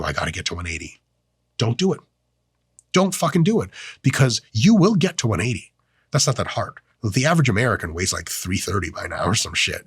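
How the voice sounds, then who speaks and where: A man's voice: on the low side, husky, dry recording, studio quality. A man hosting a fitness channel, giving a casual, joking, profane lecture on training and diet. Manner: profane, joking, animated delivery. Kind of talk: casual educational monologue.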